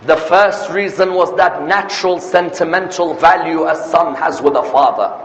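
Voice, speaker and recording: A man's voice: a little high, moderate pace. A man preaching a sermon with passion, asking rhetorical questions and building to emphatic peaks. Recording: echoey hall, muffled lo-fi sound, faint noise.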